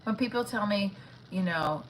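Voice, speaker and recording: Woman comedian, loose livestream banter from home, frank and profane, middle-pitched voice over faint background noise. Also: moderate pace, poor audio. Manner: rambling, frank, swears casually. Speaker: stand-up comedian. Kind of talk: casual livestream chat.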